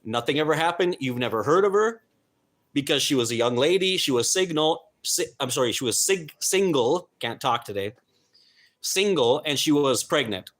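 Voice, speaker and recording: A man's voice: fairly high pitch, lively intonation, moderate pace, a bit bright. A man hosting a live stream, talking in an earnest, emphatic way and stumbling now and then over names and words. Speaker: host.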